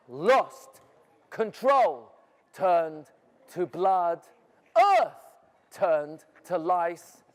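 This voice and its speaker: A man telling a dramatic first-person story to students, theatrical and asking his audience questions. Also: very high-pitched. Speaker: educator. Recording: echoey hall.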